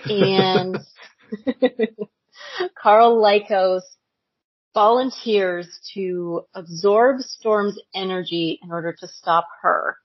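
Woman, husky, dry close sound, casual podcast chat, animated, filler-heavy. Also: mid-range voice, drawn-out words, no echo, lo-fi sound. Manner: animated, laughing, many likes and ums. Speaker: podcast co-host. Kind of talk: casual chat recapping a cartoon.

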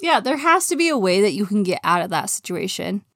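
A young adult woman co-hosting a casual chat. She talks in quick, excitable bursts with frequent exclamations and laughs. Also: medium pitch, no room sound, studio quality. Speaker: co-host.

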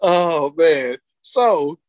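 A woman co-hosting a casual podcast, telling stories loosely with frequent laughter and drawn-out emphasis on key words. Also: sits low, lively intonation, darkish tone, no room sound. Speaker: podcast co-host.

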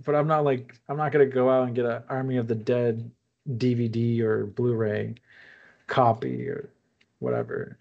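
A man's voice: mid-range voice, steady tone, moderate pace, creaky. A laid-back man talking over a movie in a casual podcast chat, laughing at his own points and filling his speech with "like." His audio sounds dull and muffled, as if recorded on a lo-fi setup.

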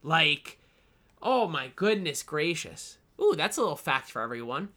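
A man co-hosting a casual football podcast, rambling and animated, often teasing himself. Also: fairly high pitch, a little slow. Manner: rambling, animated, self-deprecating. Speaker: podcast co-host.

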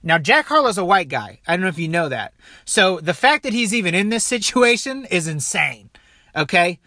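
A man giving loose, profane commentary on a video clip, animated and peppering his talk with "dude" and "okay.". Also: high voice, normal speed, dry recording, clean studio sound.

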